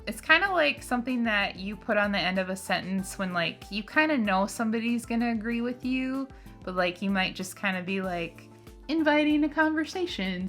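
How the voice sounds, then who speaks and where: A woman's voice: medium pitch, a bit bright. A woman with a Minnesotan accent, co-hosting a casual chat with her husband, talking easily with frequent laughs and fillers. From Minnesota, United States. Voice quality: nasal. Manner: giggly, chatty, lots of fillers. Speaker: co-host.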